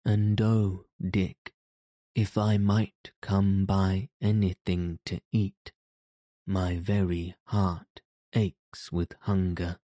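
A tired, timid youth begging for rest and food in archaic words, as a male reader puts the part on. The voice stays low and mellow, slow and level. The sound is dry and close. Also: level tone, no room sound. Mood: pleading. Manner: pleading, archaic speech. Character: weary timid young companion, hungry and sore. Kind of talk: audiobook character reading.

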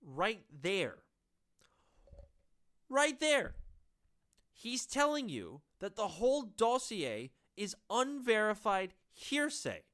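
Woman, solo commentator, sarcastic and exasperated, animated pitch. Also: takes it slowly, few pauses. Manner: sarcastic, exasperated, laughs at own jokes. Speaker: political commentator.

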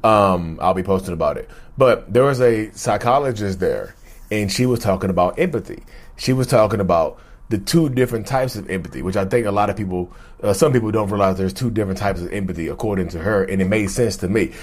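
Host, male, lowish voice, energetic casual vlog delivery, rambles and restarts, close to mic. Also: brisk. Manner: animated and rambling, with slang and frequent restarts. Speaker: YouTube host.

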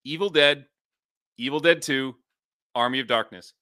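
A man with a bright, forceful voice co-hosts a podcast in casual chat. He tells lively stories, laughs often and acts out the people in them. His pitch is ordinary for a man. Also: normal speed, smooth. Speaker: podcast co-host, high school football coach.

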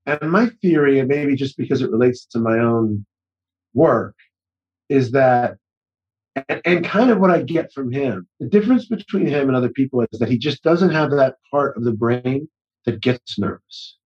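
A man's voice: medium pitch, normal speed, a little mellow, breathy edge, dull audio. A middle-aged man talking as a guest in a casual conversation, rambling and often restarting his sentences. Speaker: actor-director guest.

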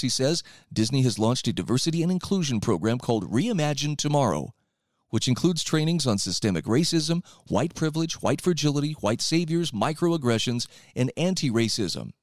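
A man's voice: mid-range voice, a little mellow, no room sound, clean studio sound. A man hosting a talk radio show, reading out and commenting on articles in a sarcastic, opinionated way.

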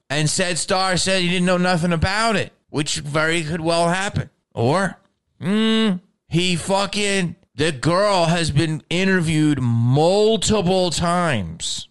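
Dude ranting on his podcast, cussing a lot, kinda high smooth voice, keeps restarting. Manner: profane, animated ranting with restarts. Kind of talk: casual ranting chat.

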